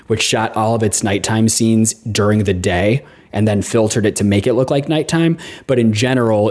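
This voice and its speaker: A man's voice: on the low side, a little mellow. A man co-hosting a podcast, recapping a movie's plot in casual chat with wry asides. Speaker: podcast co-host.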